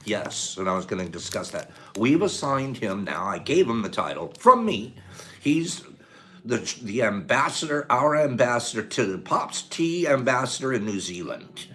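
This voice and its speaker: Gushing, lively livestream host man. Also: mid-range voice, normal speed. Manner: effusive, gushing, laughs often. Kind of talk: casual livestream chat.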